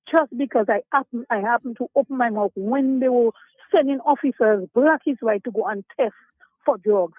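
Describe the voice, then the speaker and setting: A woman's voice: a little high, no room sound. An older woman calls a radio show, talking emotionally and emphatically about her grievances. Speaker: radio caller. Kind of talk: call-in complaint. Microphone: telephone. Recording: tinny dry phone line.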